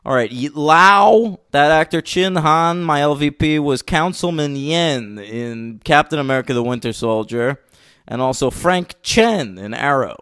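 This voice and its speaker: Excitable guy on a movie podcast, teasing his buddy, dry close sound, kinda high-ish voice. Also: measured pace, clean tone, dry recording. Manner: excitable, swears, teases his co-host. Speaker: podcast co-host. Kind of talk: casual film review chat.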